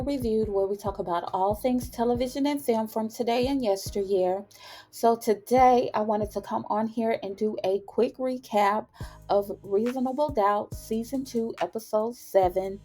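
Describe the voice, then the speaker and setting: A woman hosting her own TV recap channel, telling the story in a casual, sassy and animated way. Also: fairly high pitch. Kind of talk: casual review vlog.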